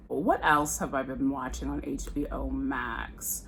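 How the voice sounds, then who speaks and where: A woman's voice: very deep voice, fairly even intonation, unhurried, hardly any pauses, a bit bright, a little hiss or hum. An American woman chatting candidly while getting ready on camera, swearing casually. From United States. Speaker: beauty vlogger. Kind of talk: casual get-ready-with-me chat.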